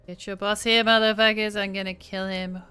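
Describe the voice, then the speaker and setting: A woman's voice: medium pitch, fairly even intonation, moderate pace, clear, resonant tone, faint music behind, close to an everyday voice. A woman voicing a raging, foul-mouthed knife-wielding man while reading game dialogue aloud. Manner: yelling, swearing threats.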